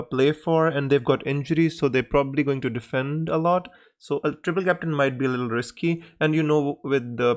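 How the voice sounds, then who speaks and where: Man, live stream host, casual Q&A, hesitant pauses, middle pitch. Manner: greets chat viewers by name, hesitant with frequent pauses.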